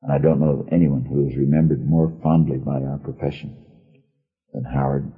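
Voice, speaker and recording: Older man with a very deep voice. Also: flat delivery. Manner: unhurried, wry storyteller. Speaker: radio actor reminiscing. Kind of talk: anecdotal storytelling. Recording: dull lo-fi archive recording.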